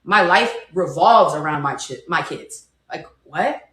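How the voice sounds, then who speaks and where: Angry mom going off, sharp bright voice, echoey room. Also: female voice, low-pitched, lively intonation, a little slow. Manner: furious, defiant, insulting. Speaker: mother responding in a clip. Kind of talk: angry rant clip.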